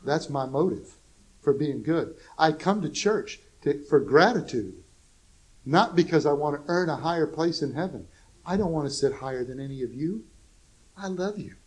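A man preaching a sermon, in a fairly high voice. He drops to soft, low asides, then rises to loud, emphatic exclamations. He keeps a folksy humor and chuckles at his own jokes. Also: lively intonation, moderate pace, poor audio.

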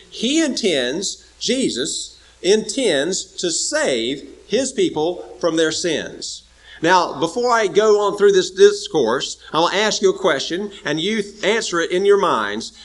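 Male preacher, fairly high voice with a wide swinging pitch, emphatic, keeps asking "all right?". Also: animated, a little slow, a bit bright, rough recording. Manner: emphatic, repeats words, checks in with "all right?" and "okay?". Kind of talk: sermon.

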